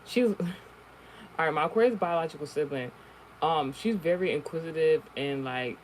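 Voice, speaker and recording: Animated, profane woman telling a spiritual story. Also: low-pitched, moderate pace, slight background noise, poor audio. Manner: animated, profane, full of fillers and laughs. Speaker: spiritual reader. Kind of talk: casual spiritual storytelling monologue.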